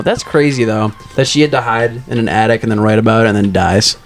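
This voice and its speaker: A young man co-hosting a podcast in casual chat, rambling with lots of fillers and crude deadpan jokes. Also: on the low side, fast, faint music behind. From United States. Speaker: podcast co-host.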